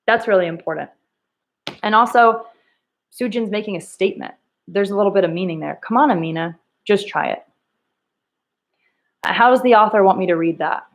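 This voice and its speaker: A woman's voice: mid-range voice, a little fast. A woman teacher leading a reading lesson, thinking aloud and coaxing students with questions. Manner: thinks aloud, rereads lines in different tones.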